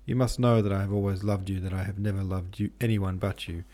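A man's voice: low-pitched, flat delivery, quick pace, dark tone. A man voicing a young man condemned to death, speaking fervently and pleadingly in an audiobook reading.

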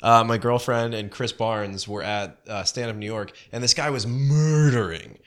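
A man co-hosting a comedy podcast, chatting casually with jokes and quick asides. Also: medium pitch. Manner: animated, joking, quick asides. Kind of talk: casual chat.

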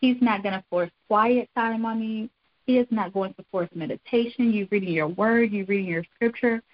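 A woman's voice: medium pitch, normal speed, dry recording, highs cut off. Earnest woman giving devotional talk. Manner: earnest, repetitive, encouraging. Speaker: devotional speaker.

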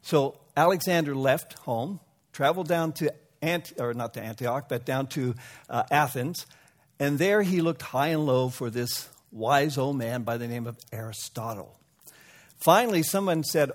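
A man's voice: medium pitch, moderate pace. A male preacher delivering a sermon in a storytelling manner, sometimes correcting himself mid-sentence. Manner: storytelling, occasional self-corrections.

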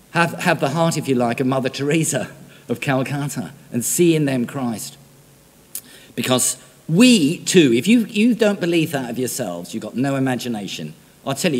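Lively preacher in echoing hall. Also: male voice, medium pitch, slightly rough. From Britain. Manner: animated, conversational preaching with direct questions to the congregation. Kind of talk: sermon. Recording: reverberant hall.

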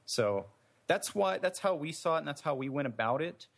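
A man's voice: on the high side, lively intonation, normal speed, gravelly. A man, an indie game developer, answering interview questions in a thoughtful, meandering way with many fillers and restarts.

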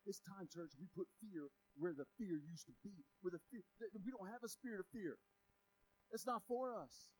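A man preaching a sermon in a lively, conversational way, with sudden loud and quiet turns. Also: sits high, moderate pace, slight background noise, low-quality recording. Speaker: pastor.

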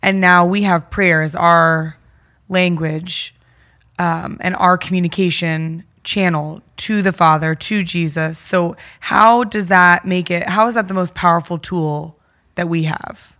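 A woman's voice: fairly low pitch, steady tone, a little slow, a bit bright. Attentive woman co-host asking questions. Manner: attentive, affirming, asks questions. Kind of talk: podcast discussion.

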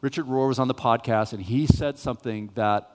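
A male pastor preaching a sermon, telling a self-mocking, animated story. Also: mid-range voice, a little fast. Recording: reverberant church hall.

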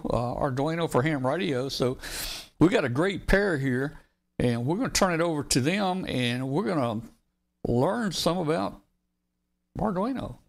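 A man's voice: fairly high pitch, gravelly. A man with a Southern accent hosting a radio show in a folksy, rambling way.

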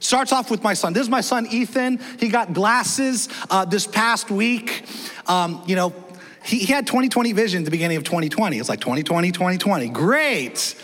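Energetic high-voiced male pastor preaching. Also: fairly quick. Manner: energetic, chatty, asks the congregation questions. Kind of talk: sermon. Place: church auditorium. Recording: long church hall reverb.

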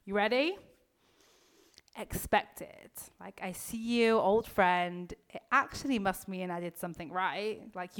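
A woman mindset coach talks straight to her listeners in a loose, casual motivational style. She leans on fillers and drops the odd swear word. Her voice sits at a middling pitch. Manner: casual, heavy filler use, swears freely.

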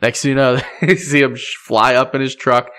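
A man's voice: medium pitch, flat delivery, normal speed, pushed and bright. A man, a podcast host chatting casually and laughing often. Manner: laughs often, friendly commentary. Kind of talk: casual chat.

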